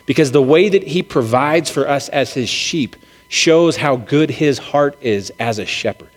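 A man's voice: mid-range voice, unhurried. A man giving a sermon in a casual, conversational way, with frequent restarts and check-ins with the listeners. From United States. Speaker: pastor. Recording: long reverb of a large hall.

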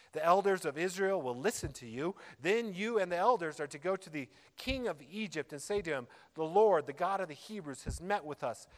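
A man with a fairly bright, high-leaning voice preaches a sermon as a pastor, earnest and emphatic, repeating key phrases for weight. The recording carries a long hall reverb.

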